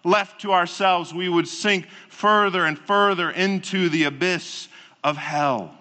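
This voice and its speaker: A male preacher delivers his sermon in short, weighty phrases, often sinking low and hushed to drive a point home. His voice sits a little high and rings bright and forceful, and he takes his time over every line. The sound carries a long tail of reverb, like a large church sanctuary. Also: slow. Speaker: pastor.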